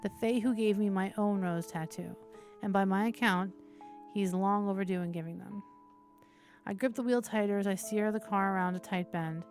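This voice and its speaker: Reading a visual novel out loud for her stream, this female host has a mid-range voice and a moderate pace, with faint music in the background. Between passages she drops in relaxed, cursing remarks that interrupt the otherwise steady narration.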